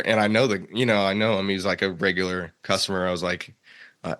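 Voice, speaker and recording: Podcast host, young man, low bright voice, easygoing and chatty. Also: fairly even intonation, fast. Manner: laid-back, laughs often, many fillers and restarts. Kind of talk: casual chat.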